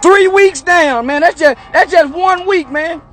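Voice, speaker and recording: A man's voice: extremely high pitch, measured pace, fairly bright tone, faint music behind. A man ranting in a casual vlog, bragging and taunting his critics in profane street slang, repeating himself again and again. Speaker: online personality. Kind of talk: boastful casual vlog rant.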